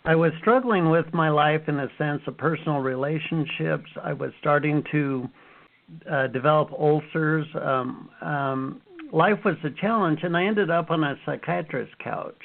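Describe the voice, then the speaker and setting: A man in his fifties, an author telling lively stories from his life as an interview guest. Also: a little high, creaky. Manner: animated storyteller, acts out his own past reactions. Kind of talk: storytelling interview answers. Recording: phone-like narrow sound.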